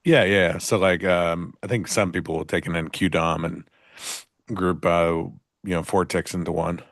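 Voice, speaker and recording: Very deep, gravelly male co-host, deadpan sarcasm, dry close sound. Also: moderate pace, dry recording. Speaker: livestream trading co-host. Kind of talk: casual live-stream chat.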